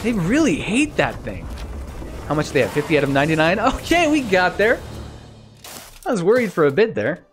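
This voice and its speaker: A man streaming a video game, thinking aloud in a casual, self-mocking way and getting easily excited. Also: sits high, fairly quick, long pauses, soft background music. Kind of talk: casual let's-play commentary.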